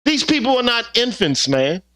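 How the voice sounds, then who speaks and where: A man's voice: very high-pitched, sing-song, normal speed, pushed and bright. A man hosting his own channel, delivering a heated opinion monologue with profanity and repeated rhetorical questions. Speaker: channel host.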